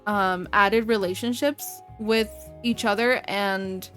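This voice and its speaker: A young woman chatting excitedly through a live game stream, gasping and reacting as things happen. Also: medium pitch, slow, faint music behind. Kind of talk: live let's-play commentary.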